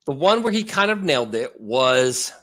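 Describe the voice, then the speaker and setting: A slightly hoarse man co-hosting a movie podcast, rambling and joking in casual chat. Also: mid-range voice, very animated, normal speed, fairly bright tone. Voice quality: rambling, joking, laughs often. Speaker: podcast co-host.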